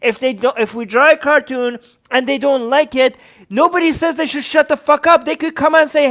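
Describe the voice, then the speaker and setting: Male co-host, very high pitch, angry profane ranter. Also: fairly even intonation, fairly quick, fairly bright tone. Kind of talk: heated political commentary.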